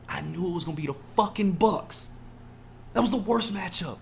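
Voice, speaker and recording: A man's voice: high voice, expressive, moderate pace, vocal fry, slight background noise. A man co-hosting a casual podcast, ranting emotionally and swearing a lot. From California. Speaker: podcast co-host. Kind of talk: casual chat.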